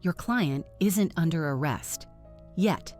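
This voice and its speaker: A stern female detective, steely and commanding, who weighs each word, voiced by a woman narrator. The delivery is slow and low, with faint music underneath. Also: lively intonation, a little mellow.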